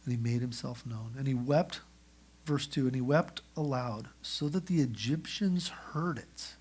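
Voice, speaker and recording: A man preaching a sermon in church, telling the story in a lively way and acting out the characters. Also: mid-range voice, a little slow, husky. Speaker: pastor. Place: church sanctuary.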